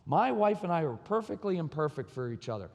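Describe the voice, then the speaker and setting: Speaking fairly quickly in a fairly high, gravelly and darkish voice with large pitch shifts, a man gives an open, personal conference talk on parenting and marriage. He dramatizes quoted lines as he tells stories, and a large hall's long reverb surrounds him.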